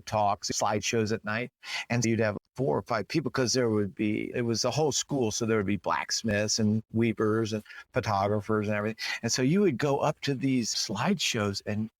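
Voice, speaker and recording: A man in his sixties, talking loosely and at length as a podcast guest. He rambles, restarts his thoughts and jumps into a higher, playful voice when he acts out what people say. The sound is dry and close, with no room around it. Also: normal speed, no room sound. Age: 60s. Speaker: guest potter. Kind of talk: casual interview.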